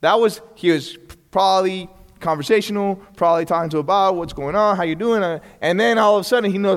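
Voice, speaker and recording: A fairly high-voiced man teaches a Bible class in an easygoing, animated way. He tosses in "okay?" and "right?" and slips into little acted-out exchanges. His voice rings with a long reverb, as if he were in a large hall. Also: fairly quick, smooth. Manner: animated, often acts out quoted dialogue; frequent restarts and check-ins.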